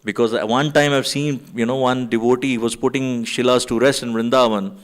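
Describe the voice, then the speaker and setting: A man in a temple hall tells a gathering about an old memory at a middle pitch. He rambles through it with plenty of fillers and acts out the lines of the people in his story. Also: fairly even intonation, brisk. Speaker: devotee sharing memories. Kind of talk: anecdote to a gathering.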